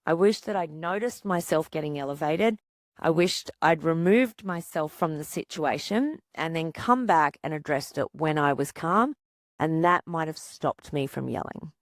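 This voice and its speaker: Low-voiced woman psychologist giving advice. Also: moderate pace, no room sound, studio quality. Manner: calm, coaching, asks rhetorical questions. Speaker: psychologist, podcast host. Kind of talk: podcast monologue giving parenting advice.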